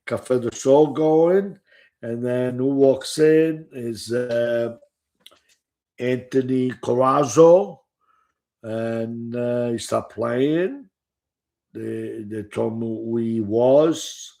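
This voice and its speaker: An older man draws out his words in a warm, mid-range voice marked by vocal fry. A former gambler, he wanders through profane, casual memories of his past, leaning often on "you know."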